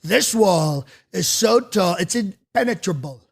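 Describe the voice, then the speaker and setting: A bragging older politician, as a man performs him. The voice sits on the high side for a man and drawls grand claims, sometimes dropping to a breathy hush. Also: expressive, unhurried, exaggerated voice. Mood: boastful. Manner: drawling, then breathy whisper.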